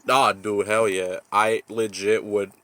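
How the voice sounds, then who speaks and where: A man's voice: on the low side, flat delivery, takes it slowly, fairly bright tone, no echo. A young man hosting a casual podcast chat, laid-back, laughing often and calling people dude and bro. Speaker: podcast host.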